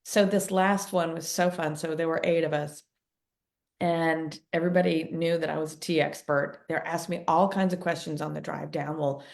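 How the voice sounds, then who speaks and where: Woman, middle-aged, low-pitched, chatty storyteller, casual podcast co-host. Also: fairly even intonation, normal speed, vocal fry, a little mellow. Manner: chatty storyteller, acts out quoted voices.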